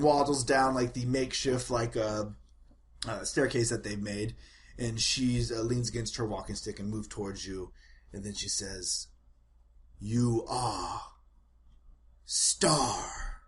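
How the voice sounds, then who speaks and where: A man narrating as game master of a tabletop role-playing game, talking loosely and breaking into shouted character voices. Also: mid-range voice, unhurried. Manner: animated, puts on shouted voices for villagers.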